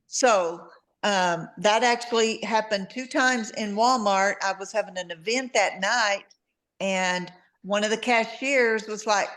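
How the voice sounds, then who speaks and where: A woman's voice: mid-range voice, measured pace, fairly bright tone. Woman, Southern drawl, chatty, easygoing storytelling. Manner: chatty storytelling, easy laughs. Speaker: guest distributor. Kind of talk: casual video-call chat.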